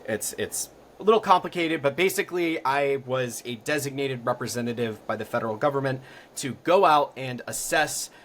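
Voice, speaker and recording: A young man from Florida, a podcast guest telling stories in a casual, rambling way full of ums and likes that grows lively at the exciting parts. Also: mid-range voice, moderate pace, slight background noise. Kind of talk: casual storytelling.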